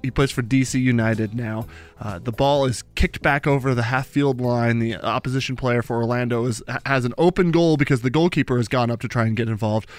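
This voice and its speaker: Brief: young male podcast co-host, animated and laughing, dry close sound. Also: mid-range voice, brisk, no echo, faint music behind. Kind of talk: casual sports chat.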